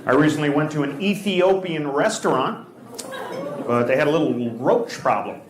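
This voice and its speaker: A man's voice: fairly high pitch, lively intonation, moderate pace. Brash male stand-up comic, club echo. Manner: brash, teasing, shifts into mock voices for bits. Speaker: stand-up comedian. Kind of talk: stand-up comedy with crowd work. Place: comedy club stage. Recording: echoey club with loud crowd noise.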